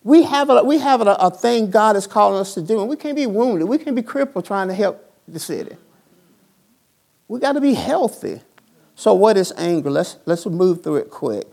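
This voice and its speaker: Gravelly pastor preaching call-and-response. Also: mid-range voice, very animated, moderate pace, darkish tone. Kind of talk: sermon. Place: church sanctuary.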